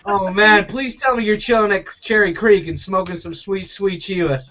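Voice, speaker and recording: A man's voice: high-pitched, fairly even intonation, normal speed, pushed and bright, highs cut off. A man in casual group chat, swearing heavily and rambling while searching for words.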